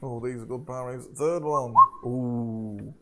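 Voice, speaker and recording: A man's voice: medium pitch, a little slow, very noisy. A man narrating as game master of a tabletop game, playful and laughing often.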